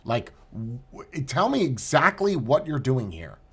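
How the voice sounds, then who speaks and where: A man's voice: mid-range voice, very animated, takes it slowly. A man hosting a podcast, reacting to protest clips with incredulous questions and stammering restarts. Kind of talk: commentary over video clips.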